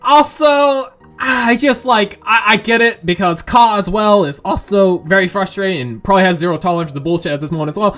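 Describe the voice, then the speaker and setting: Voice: mid-range voice, brisk, fairly bright tone, faint music behind. A let's play commentator in casual game commentary, rambling and hedging with frequent tag questions.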